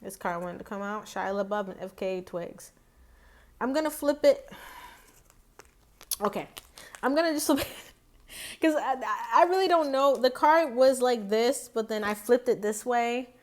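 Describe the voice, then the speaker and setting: Woman tarot reader, higher voice, rambling and chatty, talks straight to her viewers. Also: measured pace, pauses often, a little mellow. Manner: chatty, rambling, many fillers and restarts. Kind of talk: casual tarot reading vlog.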